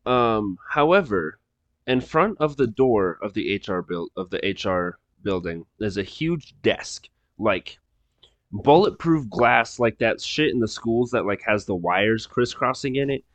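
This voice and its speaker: A man's voice: on the low side, expressive, a little slow, a bit bright, dry recording, dull audio. A man running a tabletop game as game master, narrating in a casual, rambling way with frequent laughs.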